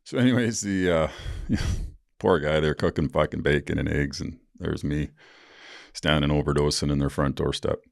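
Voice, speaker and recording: A man hosting a podcast, his very low voice rough with fry. He tells his own story bluntly and profanely, with rueful laughter. The sound is close and dry. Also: fairly even intonation, normal speed, no room sound. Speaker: podcast host. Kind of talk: candid personal storytelling.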